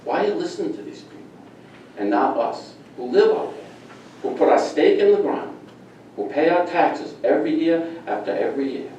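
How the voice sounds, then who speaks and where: A man's voice: fairly high pitch, animated, moderate pace, mellow, slight background noise. A middle-aged man speaking during public comment at a town meeting, angry and emphatic, repeating his points. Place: town hall meeting room. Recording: echoey meeting room from far off.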